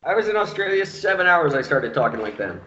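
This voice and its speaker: A man's voice: sits high, sing-song, quick pace, bright, forceful tone. A Canadian man hosting a casual podcast, ranting and joking with plenty of swearing. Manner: profane, ranting, jokey impressions. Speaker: podcast host. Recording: roomy, dull lo-fi home recording.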